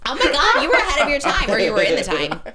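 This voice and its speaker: A woman's voice: high voice, quick pace, a loud crowd. A woman in her thirties hosting a podcast, chatting casually and laughing often. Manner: bubbly, laughs often, animated. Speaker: podcast host. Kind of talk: casual chat.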